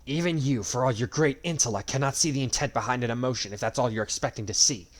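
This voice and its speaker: Defiant young swordsman, cold and sharp, man reading. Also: medium pitch, fast talker, lightly acted. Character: angry young male swordsman hero.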